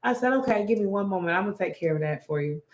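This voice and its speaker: A young woman, a restaurant manager, telling a story in casual chat and acting out the quotes in an animated way. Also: medium pitch, racing. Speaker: restaurant manager and podcast co-host. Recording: echoey room.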